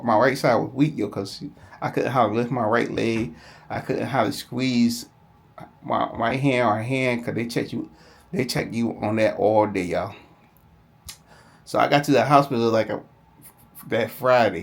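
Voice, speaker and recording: A man's voice: mid-range voice, steady tone, normal speed, gravelly. A man speaking casually to camera, rambling through a personal story and calling out to viewers as "y'all". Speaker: vlogger.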